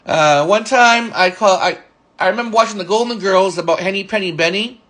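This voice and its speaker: A man in his forties telling rambling, halting stories about an old friend and coworker. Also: high voice, fairly bright tone. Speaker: storyteller recalling a friend. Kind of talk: casual spoken reminiscence.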